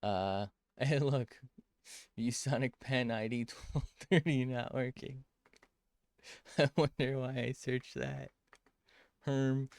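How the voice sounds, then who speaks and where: A man's voice: medium pitch, fairly even intonation, slow pace, long pauses, dry recording, clean studio sound. A man chatting casually as an art streamer while drawing on a tablet, rambling, cutting himself off mid-sentence and swearing freely.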